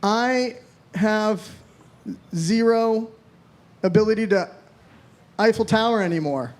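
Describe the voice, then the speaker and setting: A man's voice: sits high, takes it slowly. A man in his thirties from Florida doing a rambling, self-deprecating stand-up set, swearing freely. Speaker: stand-up comedian.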